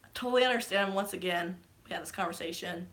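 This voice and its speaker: A woman casually recapping a movie's plot in a vlog, excitable, swearing freely and geeking out. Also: on the low side, fast. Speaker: vlogger.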